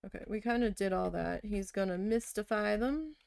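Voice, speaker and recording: With vocal fry and a slightly mellow, medium-pitched voice, a woman speaks at a moderate pace. She's a crafting vlogger chatting casually over her needle felting, her storytelling blunt and heavily profane. There's no echo.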